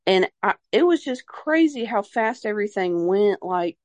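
A woman's voice: medium pitch, lively intonation, moderate pace, darkish tone, dry recording. Young woman, casual rambling talk, lots of fillers, heartfelt and devout, dry recording. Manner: rambling, heavy use of "like" and fillers; openly emotional and religious in tone. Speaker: mother sharing her birth story. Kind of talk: casual personal testimony.

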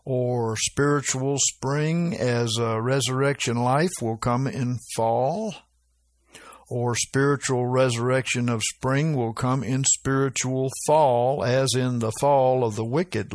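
Male preacher, slow deliberate delivery, informal sermon with scripture readings, dry close sound. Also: medium pitch, no room sound. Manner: unhurried, reads scripture with lifted emphasis, asks "right?".

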